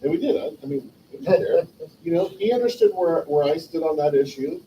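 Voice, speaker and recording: A man's voice: on the high side, a little fast, muffled recording, a little hiss or hum. A man telling a heartfelt, rambling story about an old friend, acting out their past conversations. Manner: animated, rambling, heartfelt, acts out past dialogue. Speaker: memorial stream host. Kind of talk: personal storytelling, eulogy. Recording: distant mic with faint room ambience.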